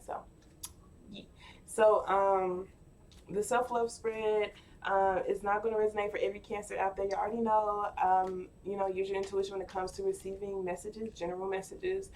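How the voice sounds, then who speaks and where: A woman's voice: medium pitch, little pitch movement, moderate pace, darkish tone, distant mic, a little hiss or hum. A woman giving a casual tarot reading, chatty and playful, talking straight to her viewers with plenty of filler words. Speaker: tarot card reader.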